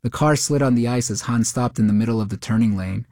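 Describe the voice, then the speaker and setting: A man narrating a short story in a steady, measured way. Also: mid-range voice, no room sound, clean studio sound.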